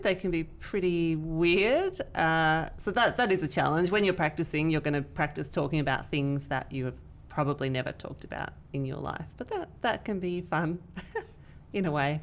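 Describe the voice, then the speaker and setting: A woman co-hosting a casual discussion as an English teacher, explaining things thoughtfully. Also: on the low side. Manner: explanatory, thoughtful, with light laughs. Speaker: podcast co-host, English teacher.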